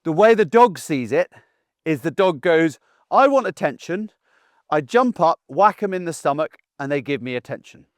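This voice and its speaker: A man's voice: on the high side, expressive, normal speed, dry recording, clean studio sound. A middle-aged man, a dog trainer, giving an instructional talk to camera in an assertive, down-to-earth way, often checking in with "okay?". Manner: plain-spoken, assertive, down-to-earth.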